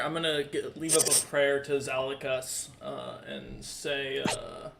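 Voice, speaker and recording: Excitable, swearing man playing a tabletop game. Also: medium pitch, a little slow, creaky, noisy background. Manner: excitable, laughing, swears casually. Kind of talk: casual tabletop role-play.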